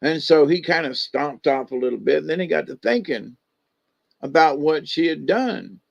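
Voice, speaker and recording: A man's voice: on the high side, animated, normal speed, creaky, no echo, lo-fi sound. A man telling folk stories and animal lessons in a rambling, folksy way, full of asides. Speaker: storyteller. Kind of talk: casual spoken storytelling.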